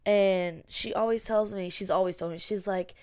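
A woman's voice: mid-range voice, steady tone, normal speed, a little mellow, smooth, dry recording. A woman from the American South with a Southern accent, co-hosting a podcast in a chatty, rambling way. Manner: chatty, rambling, uses lots of fillers. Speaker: podcast co-host. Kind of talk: casual chat.

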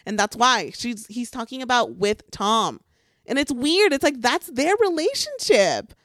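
Lively gossiping woman, dry sound. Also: on the high side, a little slow, no room sound. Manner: excited and gossipy, swears often, fills with "like". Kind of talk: casual reality-TV recap chat.

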